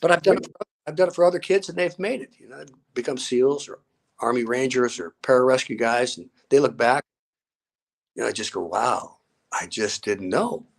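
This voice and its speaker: A man's voice: mid-range voice, animated, moderate pace, creaky. An older man, a grandfather and coach, telling stories in an interview with energy and acting out both sides of conversations. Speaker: guest, fitness coach. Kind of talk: animated storytelling in an interview.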